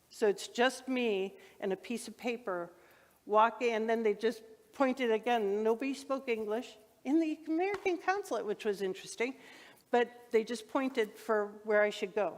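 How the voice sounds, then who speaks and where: Woman minister telling a story, reverberant hall. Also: a little high. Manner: animated, acts out quoted dialogue. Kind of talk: sermon storytelling. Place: church sanctuary. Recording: long church reverb.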